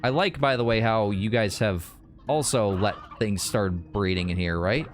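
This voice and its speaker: A man's voice: fairly low pitch, moderate pace, soft background music. A man hosting a gaming video, talking his game through casually and thinking aloud. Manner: relaxed, thinking aloud, with restarts and laughs.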